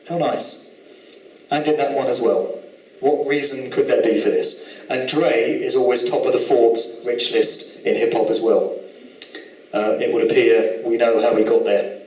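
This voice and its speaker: A man's voice: medium pitch, a little mellow. Sarcastic Southern English man lecturing. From England. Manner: sarcastic, indignant, moralizing. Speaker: conference speaker. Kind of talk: live lecture presentation. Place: lecture hall. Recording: echoey hall, mic from far off.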